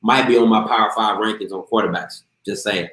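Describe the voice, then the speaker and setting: A man's voice: fairly low pitch, fairly even intonation, a little fast, fairly bright tone. A man hosting a casual live interview show, hyped and slangy, talking straight to his viewers. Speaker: show host. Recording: echoey room.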